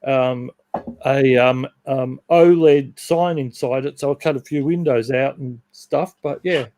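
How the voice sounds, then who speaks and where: A man's voice: medium pitch, a little slow, darkish tone, slight background noise. A man with an Australian accent chatting casually about models and radio promos, rambling with plenty of ums. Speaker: guest on model railroad livestream. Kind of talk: casual chat.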